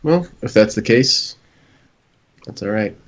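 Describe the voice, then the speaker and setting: A man's voice: on the low side, expressive, takes it slowly, dull audio. A man co-hosting a casual podcast chat, with dry teasing humor. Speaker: podcast co-host.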